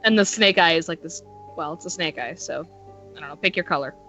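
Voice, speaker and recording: A giggly woman playing a tabletop role-playing game, her voice bright and forward. The sound is a little dull and lo-fi, with faint music behind her. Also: low voice, fairly quick. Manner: giggly, playful. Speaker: player.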